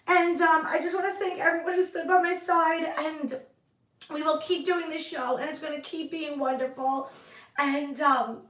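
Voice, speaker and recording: High bright-voiced woman comedy host. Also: steady tone, normal speed, recorded from a distance, slight background noise. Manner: mock-emotional and self-absorbed. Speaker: talk show host. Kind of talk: improvised comedy sketch. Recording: echoey room away from the mic.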